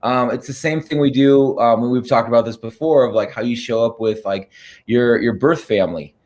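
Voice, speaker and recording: A man's voice: mid-range voice, fairly quick, a little mellow. Hesitant man in casual chat. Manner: hesitant, many ums and restarts. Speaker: co-host coach.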